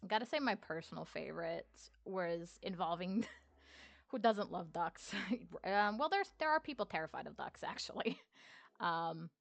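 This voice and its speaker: Woman streamer, casual storytelling, very lively pitch, laughs a lot, swears, dry close sound. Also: normal speed, vocal fry, no echo. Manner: animated, laughs often, swears freely.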